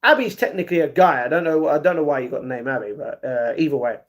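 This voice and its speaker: A man live-streaming who reads his viewers' chat aloud and argues back, with excited reactions to a fight he is watching. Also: a little high, fast. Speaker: livestreamer. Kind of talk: casual livestream chat.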